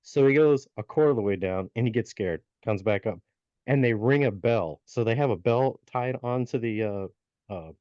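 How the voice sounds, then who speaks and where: In a dry recording, a man with a medium-pitched, dark voice talks at normal speed. He co-hosts a podcast, casually narrating a folk tale with lots of fillers and restarts, and the sound is dull lo-fi.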